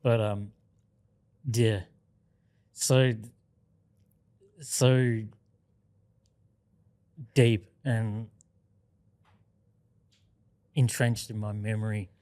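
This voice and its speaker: A man in his thirties from Australia talks as a guest in a podcast studio, wry and measured, with hesitant pauses. He speaks very slowly in a lowish voice. The sound is close and dry. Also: level tone, darkish tone, dry recording. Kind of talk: reflective interview talk.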